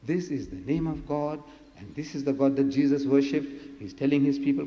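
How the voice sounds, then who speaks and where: A man gives a public religious lecture in a warm, mid-range voice at a moderate pace, recorded lo-fi in an echoing hall. His delivery is forceful, packed with rhetorical questions and deliberate repetition of key words.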